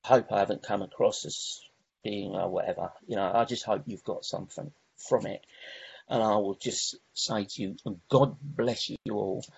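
A man's voice: on the low side, steady tone, moderate pace, creaky, husky, highs cut off. A man sharing his recovery story at a meeting, rambling, with many restarts and "you know"s. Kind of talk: personal recovery share.

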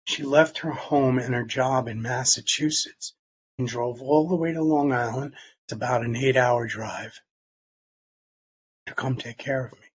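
A man telling a personal story in plain, halting words, sometimes dropping almost to a whisper. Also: mid-range voice, muffled recording, slight background noise. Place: Long Island, New York.

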